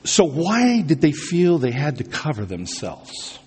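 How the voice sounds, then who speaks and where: Male pastor, slightly high voice, chatty questioning sermon delivery, recorded in a reverberant hall. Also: huge pitch swings, unhurried, a little mellow, breathy edge. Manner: conversational, asks the congregation questions, repeats words for emphasis.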